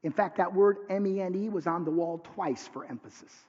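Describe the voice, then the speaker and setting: A man who is a pastor, preaching a sermon with dramatic swings from hushed lines to near shouts. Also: sits high, a little fast. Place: church sanctuary. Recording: dull sound with long hall reverb.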